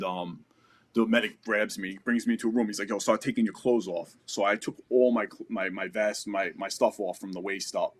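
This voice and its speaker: This lowish-voiced man in his thirties is a guest on a podcast, spinning a story casually. He leans heavily on "like" and "you know," throwing in a curse now and then.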